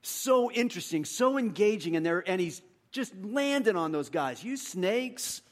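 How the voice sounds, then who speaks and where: Animated male pastor preaching a sermon. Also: high voice, normal speed. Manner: animated, acts out quotes with big swings in loudness.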